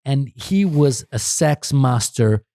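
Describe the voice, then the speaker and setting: A man's voice: mid-range voice, lively intonation, slow pace, warm tone, no room sound. Italian man, rambling storyteller, dry mic. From Italy. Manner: rambling, laughing, many restarts. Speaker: podcast guest, photographer. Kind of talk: casual chat.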